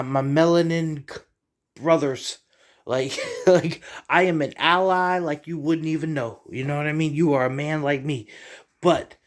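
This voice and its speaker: A middle-aged man vlogging in a casual, rambling monologue, profane and heated as he digresses. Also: fairly high pitch.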